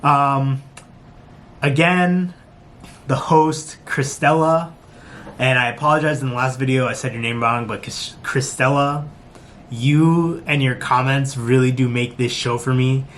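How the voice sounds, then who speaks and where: A man talking to camera in a casual review vlog, animated and laughing often, slipping into quick impressions. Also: mid-range voice, slight background noise. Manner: talks with his hands. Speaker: show reviewer.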